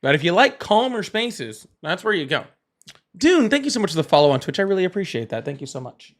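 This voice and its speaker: A Southern man with a slightly raised pitch hosts a casual live stream and takes callers. He is blunt and teasing, and he laughs often between remarks. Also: sing-song, fast talker. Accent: Southern American. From American South. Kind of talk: casual live call-in chat.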